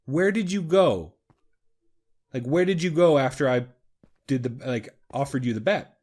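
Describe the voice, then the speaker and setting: A man's voice: mid-range voice, animated, measured pace, darkish tone. A man voicing a boastful male monkey full of swagger in a told joke. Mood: curious. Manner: bragging, eager.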